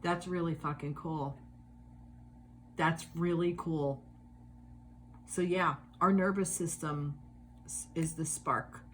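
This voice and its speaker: A woman's voice: low-pitched, steady tone, takes it slowly, long pauses, a bit bright, a little hiss or hum. A woman giving a casual tarot reading, musing aloud with many fillers and swearing freely. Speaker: tarot reader.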